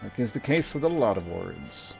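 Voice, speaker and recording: A man's voice: fairly low pitch, sing-song, moderate pace, creaky. Guy streaming a game, rambling and swearing a bit, faint music behind. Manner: chatty, muses aloud, swears casually. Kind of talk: casual gaming commentary.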